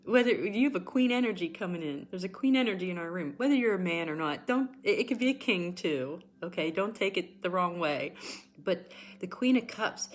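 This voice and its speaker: A tarot card reader gives a livestream reading with a pep talk, chatty, emphatic and encouraging, wandering into rambling asides and often close to tears. Her voice is lowish, lively in intonation and a little fast, with faint music behind.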